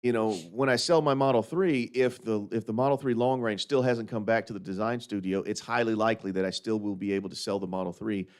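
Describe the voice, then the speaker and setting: A man's voice: lowish voice, fast, few pauses, clear, resonant tone. A man hosting a casual live stream, rambling and laughing often, repeating words as he goes. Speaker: livestream host.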